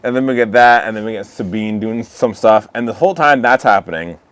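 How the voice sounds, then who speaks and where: A man's voice: on the low side, fairly quick, smooth, no room sound. A man co-hosting a casual podcast, recapping an episode and acting out the characters' lines with lots of laughing. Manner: animated, acts out characters' lines while retelling, laughs often. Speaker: podcast co-host. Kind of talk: casual chat recapping a show.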